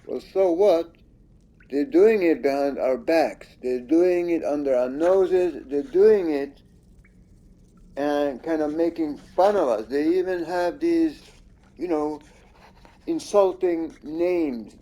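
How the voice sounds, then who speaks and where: A man's voice: fairly high pitch, slow pace, dark tone. A man giving casual, rambling commentary over his own gameplay, accusing and swearing at the screen.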